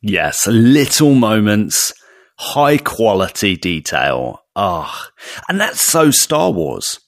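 A man's voice: fairly low pitch, sing-song, slow pace, no room sound, studio quality. A man co-hosting a casual podcast chat, emphatic and prone to repeating words for stress. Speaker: podcast co-host.

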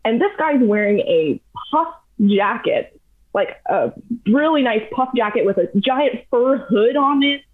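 A young adult woman telling a long story in casual, animated chat, full of fillers. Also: fairly high pitch, unhurried. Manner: chatty, animated, heavy use of "like". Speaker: podcast guest. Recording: tinny phone-like audio.

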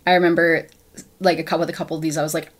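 A woman's voice: low voice, little pitch movement, very fast. A woman co-hosting a casual film podcast, rambling with lots of fillers and acting out characters' lines. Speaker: podcast co-host.

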